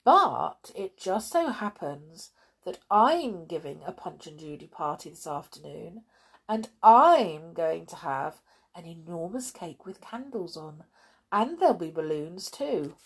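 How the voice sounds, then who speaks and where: Woman putting on a gentle little man, low soft voice, unhurried, soothing. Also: very animated, breathy edge, heavily acted. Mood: comforting. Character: kindly little man, cheerful and comforting.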